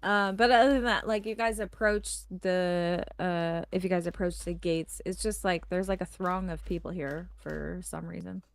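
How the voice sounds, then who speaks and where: A woman's voice: lowish voice, fairly even intonation, normal speed, gravelly, hardly any pauses, no room sound. A woman narrating as game master in casual talk, with many fillers. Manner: casual, rambling, full of fillers and "like".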